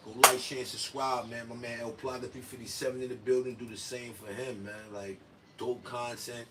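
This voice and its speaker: A man's voice: mid-range voice, little pitch movement, brisk. A man hosting a casual livestream, rambling in loose slang and acting out quoted asides. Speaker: livestream host. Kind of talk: casual stream commentary. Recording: distant mic with faint room noise.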